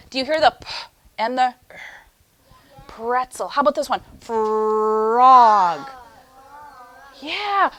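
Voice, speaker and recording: A young adult woman teaching a phonics lesson to young children in an animated, sing-song teacher voice. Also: high voice. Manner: animated, sing-song teacher voice, slows for chanted poem lines.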